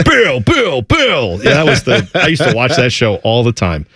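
A man's voice: mid-range voice, huge pitch swings, moderate pace, fairly bright tone, husky, no room sound, studio quality. A man hosting a sports radio show, chatting casually in a rambling, jokey way.

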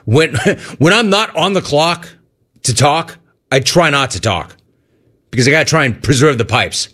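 Lively sports talk radio host, man. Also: fairly high pitch, normal speed. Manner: rambling, jokey, acts out the voices in his stories.

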